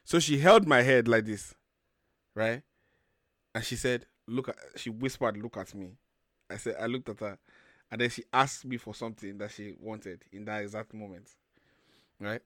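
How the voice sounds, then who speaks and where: A man's voice: lowish voice, normal speed, long pauses, fairly bright tone, no room sound, clean studio sound. A man, co-hosting a casual group chat and telling boastful, joking stories with some swearing.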